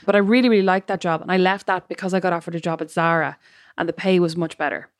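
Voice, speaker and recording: A chatty Irish woman on a podcast, racing through her stories at a quick clip. Her voice sits fairly low, and the recording is dry and close, with no room sound. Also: fairly even intonation, dry recording. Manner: chatty, rambling anecdotal storytelling. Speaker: podcast co-host. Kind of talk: casual chat.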